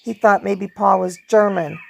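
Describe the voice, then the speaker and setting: A woman hosting a casual vlog, chatting warmly about pictures and reading from a book, laughing now and then. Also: mid-range voice, steady tone, a little slow, creaky, a little hiss or hum. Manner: chatty, laughs often, hums song snippets. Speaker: video host; performer.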